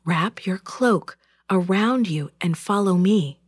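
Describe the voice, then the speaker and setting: A woman voicing an angel who gives brisk, hushed commands. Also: medium pitch, husky, dry recording, studio quality. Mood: urgent. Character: urgent heavenly angel messenger.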